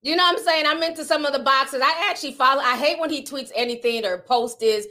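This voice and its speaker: Woman vlogger, high pitched, gossipy and laughing, slangy chat delivery. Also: fast talker, pushed and bright. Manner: chatty, laughs often, slangy asides. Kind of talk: casual gossip commentary.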